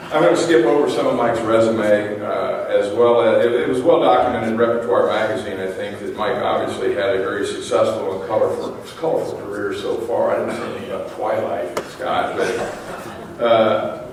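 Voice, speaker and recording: Middle-aged man roasting in an echoey hall. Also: lowish voice. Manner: teasing, anecdotal, dry punchlines. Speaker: roast speaker at an awards dinner. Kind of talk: roast speech to a banquet audience. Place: large banquet hall. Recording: very echoey hall, distant mic, faint room noise.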